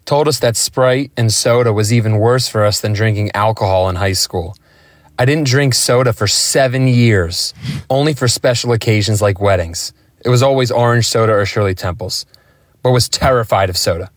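A man's voice: fairly low pitch, moderate pace, dry recording, studio quality. A man reading out a short personal story in a tight, emotionless way. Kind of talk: read-out story submission.

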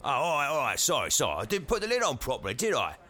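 An actor playing a cheeky, mocking British driving instructor in a comedy sketch. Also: male voice, medium pitch, wildly swooping pitch, quick pace, pushed and bright, full character voice.

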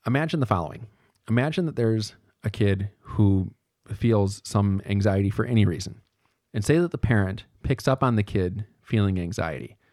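A man's voice: lowish voice, lively intonation, moderate pace, a little mellow, dry recording, studio quality. A man giving a podcast lecture in a casual, thinking-aloud way, correcting himself as he goes.

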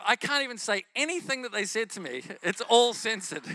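A man preaching and telling a testimony story in an animated way, often laughing as he talks. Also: very high voice, a little fast, few pauses.

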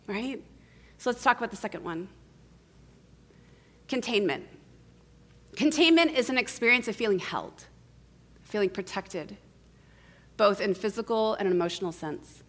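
Earnest woman preaching, gently conversational. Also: mid-range voice, lively intonation. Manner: intimate, asks the congregation many questions; tags points with a quick "right?". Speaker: guest preacher. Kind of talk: conversational sermon.

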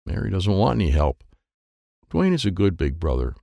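A man narrating a children's audiobook in a lively first-person voice, adding sound effects as he reads. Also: deep voice, normal speed, vocal fry, no room sound, studio quality.

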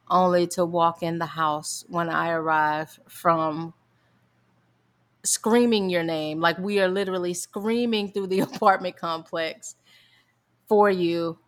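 A middle-aged mother tells a family story in a relaxed, chatty way, laughing as she goes. Her voice sits on the lower side for a woman and gets lively as the tale builds. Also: measured pace. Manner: animated storyteller, laughs often.

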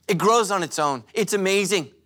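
A male pastor giving a sermon at a church service, joking and telling animated stories. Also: sits high, normal speed. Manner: animated, joking, storytelling preacher.

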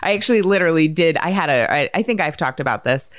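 A woman in her thirties hosting a podcast, telling a story in a lively, chatty way and acting out quotes. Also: low-pitched, quick pace, no echo, clean studio sound. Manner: animated storyteller, acts out quotes. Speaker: podcast host. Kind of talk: casual chat.

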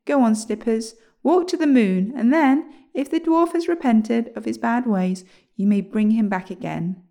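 An eager young boy from a storybook, calling out loudly with a lifted voice, as a woman plays him. The tone stays mellow with a slight rasp. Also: fairly high pitch, moderate pace. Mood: excited. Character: excited young boy hero.

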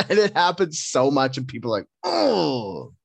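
Male co-host, mid-pitched, loose and profane, relaxed banter, dry close recording. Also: fairly quick, no room sound. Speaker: podcast co-host. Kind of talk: casual chat.

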